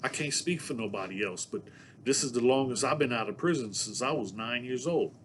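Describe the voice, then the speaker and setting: A man's voice: medium pitch, animated, a little fast, fairly bright tone, slight background noise. A man from San Diego telling stories to camera in a casual, rambling way, packing his talk with fillers and laughing between thoughts. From Southeast San Diego, California. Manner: rambling, packed with "you know what I'm saying". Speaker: vlogger telling prison stories.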